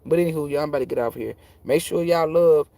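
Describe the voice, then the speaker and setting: A woman who reads tarot talks casually and bluntly to her viewers, swearing often and telling animated stories. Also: low-pitched, fast, no room sound. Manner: profane, emphatic, animated storytelling; slangy and blunt. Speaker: tarot reader.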